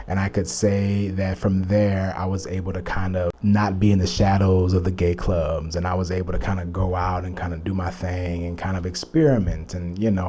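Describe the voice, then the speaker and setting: A man's voice: fairly low pitch, mellow, a little hiss or hum. A young man from Texas telling a personal story to camera, earnest and reflective, full of "you know" and "like". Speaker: vlogger.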